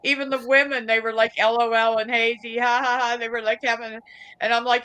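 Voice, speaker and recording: A woman's voice: a little high, level tone, a little fast, pushed and bright, smooth, rough recording. A woman from the United States chatting and telling a story in an online voice chat. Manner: chatty, anecdotal. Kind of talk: casual storytelling in a group chat.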